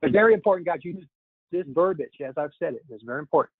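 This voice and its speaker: This man coaching a sales training session talks fast in a husky voice on the high side, sounding animated and upbeat as he keeps saying "guys" to the group. The phone line is tinny and dry, with no room sound.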